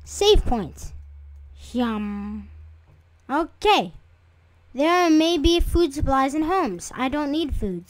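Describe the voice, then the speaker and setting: A woman's voice: high-pitched, big pitch swings, slow pace, no room sound. Chatty young woman, jumpy game commentary. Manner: chatty, jumpy, easily startled, with sudden squeals. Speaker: gaming video creator. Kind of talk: casual let's-play commentary.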